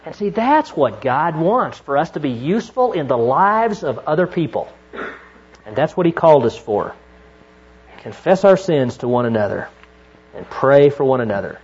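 Middle-aged male pastor, fairly high voice, impassioned sermon, muffled lo-fi recording. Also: big pitch swings, moderate pace, breathy edge. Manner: preaching that swings from hushed storytelling to fervent exhortation. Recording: dull lo-fi recording.

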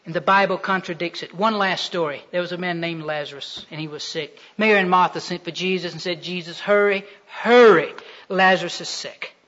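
A man preaching a sermon as a storyteller, swinging between loud emphasis and hushed delivery. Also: high-pitched, fairly even intonation, a little fast, hardly any pauses. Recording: dull lo-fi recording.

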